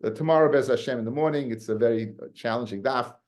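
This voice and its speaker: A man teaching a casual Talmud class, animated and often repeating words as he explains. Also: medium pitch, fast.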